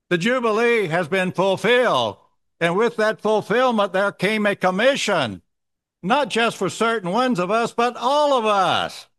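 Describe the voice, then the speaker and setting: A man urges a church gathering in measured, sermon-like phrases. He speaks slowly in a fairly high voice with a bright edge. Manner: earnest, measured, urging. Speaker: church member sharing in a meeting. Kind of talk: sermon-like exhortation.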